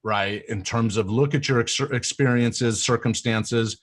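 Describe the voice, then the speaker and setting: A man's voice: mid-range voice, measured pace. A man hosting a motivational interview, talking in an earnest, coaching way and often adding "right?". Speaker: host.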